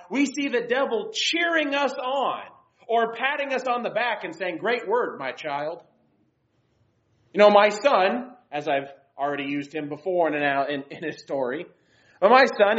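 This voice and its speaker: A young woman giving an earnest devotional Bible lesson and reading scripture aloud. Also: on the high side. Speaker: Bible teacher. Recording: dull lo-fi recording.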